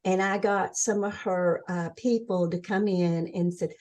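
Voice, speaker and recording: An older woman as an interview guest, telling her story in an earnest, animated way and acting out what others said. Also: medium pitch, moderate pace. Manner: earnest, animated storytelling, acts out quoted voices. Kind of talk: conversational interview.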